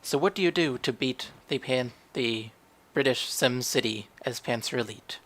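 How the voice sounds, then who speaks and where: A young adult man who hosts a gaming channel casually narrates a recorded strategy game match, rambling and second-guessing his moves. His voice is medium in pitch and fairly bright, delivered at a moderate pace.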